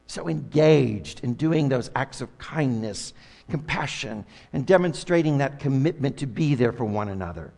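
A middle-aged man preaching a sermon as pastor, swinging between hushed and loud, impassioned delivery. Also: mid-range voice, lively intonation, normal speed, creaky. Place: church sanctuary. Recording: long hall reverb.

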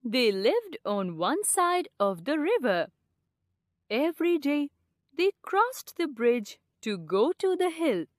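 A woman narrating a children's storybook in a slow, expressive, sing-song manner. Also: high voice, no echo, studio quality.

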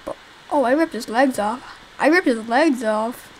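A woman's voice: on the high side, unhurried, noisy background. Rambling young woman narrating her game. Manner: rambling, swears, talks to viewers while playing. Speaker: game developer playing her own game. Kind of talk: casual gameplay commentary.

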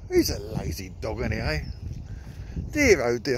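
A man's voice: mid-range voice, huge pitch swings, a little slow, long pauses, husky. Chatty man out walking his dog. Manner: chatty, coaxing the dog in a sing-song voice. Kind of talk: casual running commentary. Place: outdoors in countryside with old trees.

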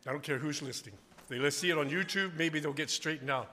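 A revival preacher with a sharp, forceful, high voice talks fast, dipping into quiet asides before building to loud, emphatic declarations. His sermon echoes with long reverb around a church sanctuary, and there's a slight hiss or hum underneath.

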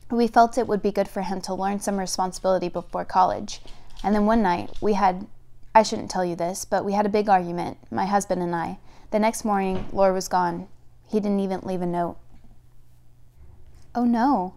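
A grieving older mother, speaking low and close as she confides about her son. Her talk is sorrowful and hushed, read aloud by a woman narrator. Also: fairly even intonation, moderate pace, close to an everyday voice.

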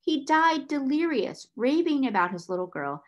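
A woman reading aloud, voicing a dry, sharp-featured solicitor who speaks in a curt, snappish, critical manner. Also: high-pitched, very animated, moderate pace, voice pushed up. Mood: grim. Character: brusque, dry little male solicitor.

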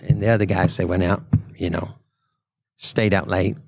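A man's voice: sits low, fairly quick, vocal fry, no echo, clean studio sound. A man, a podcast guest telling a casual story and acting out the quotes in a raised voice. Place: trade show.

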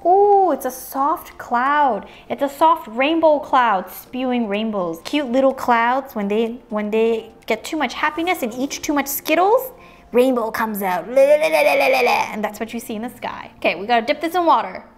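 A woman's voice: high-pitched, animated, normal speed, few pauses. A woman hosting a toy unboxing video, bubbly and playful, chatting as she opens each item and sometimes slipping into silly voices for the toys.

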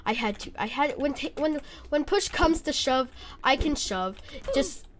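High-voiced woman in nervous game commentary. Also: expressive, measured pace, background noise. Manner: jittery, squealing and apologizing when scared. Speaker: gaming YouTuber. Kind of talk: gameplay commentary. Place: cold bedroom. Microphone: desk mic.

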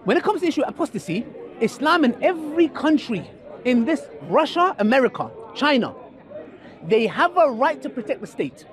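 A young man preaching and debating outdoors in a public park, lively and full of rhetorical questions to his listener. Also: very high-pitched, a little fast. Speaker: street preacher. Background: crowd.

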